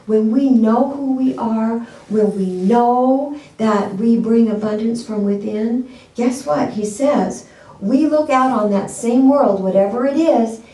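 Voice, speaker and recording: A woman pastor preaches in an easy, conversational way, tossing questions out to her congregation. Her voice is mellow and warm. She sounds a step away from the microphone, with the sanctuary's echo rolling around her. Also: a little high, far from the mic. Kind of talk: sermon.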